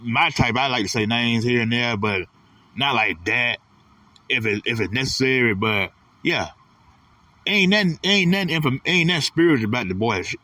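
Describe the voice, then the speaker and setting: A man's voice: medium pitch, lively intonation, normal speed, sharp tone, no echo. Profane guy ranting on his channel, blunt and repetitive, mic kinda far off. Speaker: channel host. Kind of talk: casual ranting monologue.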